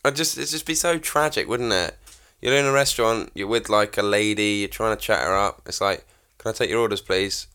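A man's voice: fairly low pitch, fairly quick, few pauses, sharp tone, clear, resonant tone. A man co-hosting a podcast, teasing his co-host with crude humour and laughing often in casual chat.

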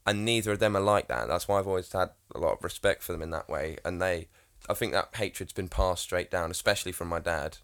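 Young English guy, very deep voice, blunt and sweary, podcast co-host banter. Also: fast talker, hardly any pauses, a bit bright. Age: young adult. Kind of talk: casual chat.

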